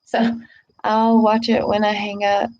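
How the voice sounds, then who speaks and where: A woman giving a casual spiritual talk to camera, preaching with a steady stream of "okay" and "all right". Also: medium pitch, a little slow, lo-fi sound. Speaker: spiritual vlogger.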